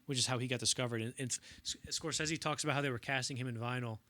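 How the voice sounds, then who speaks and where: A man's voice: mid-range voice, steady tone, fast, pushed and bright. A young man co-hosting a casual film podcast, rambling through anecdotes and acting out quotes in bursts. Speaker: podcast co-host.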